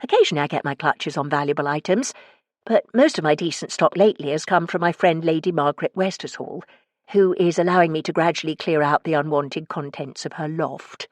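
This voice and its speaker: A woman narrating a cozy mystery audiobook in a calm, wry storytelling manner. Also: low voice, a little fast, no echo. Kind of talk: scripted narration.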